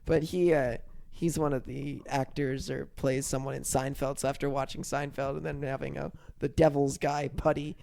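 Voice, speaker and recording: A man's voice: mid-range voice, little pitch movement, normal speed, creaky, darkish tone. A young man co-hosting a podcast, chatting casually and rambling with many restarts. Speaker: podcast co-host. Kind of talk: casual chat.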